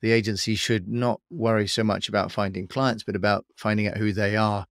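A man's voice: fairly low pitch, level tone, a little fast, no room sound, studio quality. A man hosting a podcast interview, thanking and prompting his guest, with a few restarts. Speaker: podcast host.

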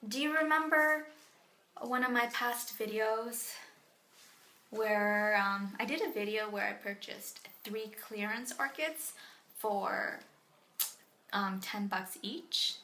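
A woman's voice: fairly high pitch, slow pace, pauses often, sharp tone, roomy sound. A young Canadian woman chatting casually to camera from her bathroom, self-mocking and full of fillers. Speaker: plant vlogger. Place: home bathroom.

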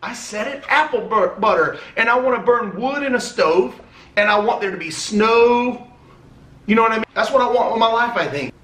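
A man's voice: very high voice, animated, moderate pace, fairly bright tone. A man opening fan mail on a casual vlog, chatty and rambling, swearing now and then. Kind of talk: casual chat. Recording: echoey room.

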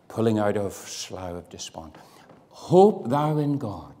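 A man from Northern Ireland preaching a sermon in a church hall, impassioned, swinging from loud declarations to hushed, quiet lines. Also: on the low side, big pitch swings, takes it slowly.

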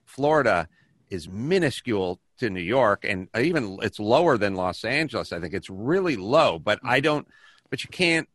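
Man, comedy podcast host, sarcastic banter, bright tone, dry close mic. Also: on the low side, sing-song, normal speed, dry recording. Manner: sarcastic, riffing.

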